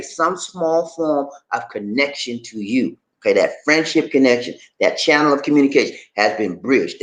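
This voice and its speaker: An American man giving casual advice in a vlog, telling animated stories and laughing often. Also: mid-range voice, husky. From United States. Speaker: vlogger.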